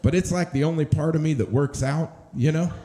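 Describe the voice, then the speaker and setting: A man's voice: fairly high pitch, brisk, dark tone. A man doing a stand-up set on a comedy club stage, telling stories in a laid-back, rambling way.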